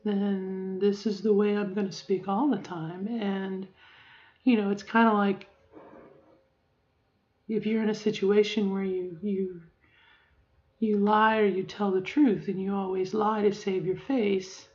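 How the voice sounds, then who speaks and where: A woman's voice: medium pitch, level tone, unhurried, a little mellow. A middle-aged woman talking in a casual video diary, reflective and rambling, full of fillers and restarts. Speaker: vlogger. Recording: dull lo-fi audio.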